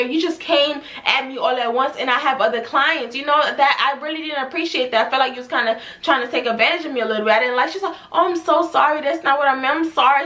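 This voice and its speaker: A young woman in her twenties, a hairstylist, telling an animated storytime vlog and talking straight to her viewers. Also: a little high. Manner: animated, addresses viewers as y'all, acts out quotes. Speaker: hairstylist vlogger.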